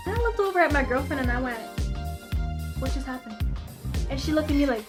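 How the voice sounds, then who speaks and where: A young woman with a high, bright-sounding pitch retells a story for her viewers. She is chatty and emphatic, turning to the audience with asides. Music plays clearly underneath her voice. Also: expressive, quick pace, long pauses. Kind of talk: animated story time narration.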